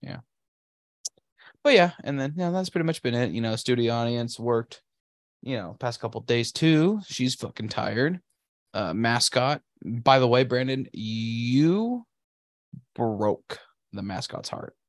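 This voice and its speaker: Profane and sarcastic, this Pacific Northwest podcast co-host rants about his week in a casual conversation. He speaks at medium pitch, animated but measured, and the studio-quality sound has no echo.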